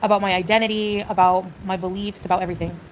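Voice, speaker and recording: A woman's voice: medium pitch, steady tone, fast, noisy background. A woman from Canada on a livestream, rambling hesitantly and leaning on "like" and "you know" as she talks.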